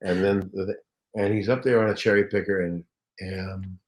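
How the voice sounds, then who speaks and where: A man, a comedian and voice actor, telling anecdotes as a guest in a casual interview, lively and animated. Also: sits low, moderate pace.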